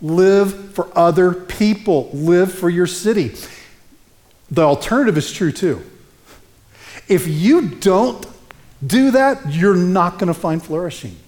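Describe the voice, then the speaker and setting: Lively, animated male pastor preaching. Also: high-pitched, slow. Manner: animated storytelling, conversational. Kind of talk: sermon.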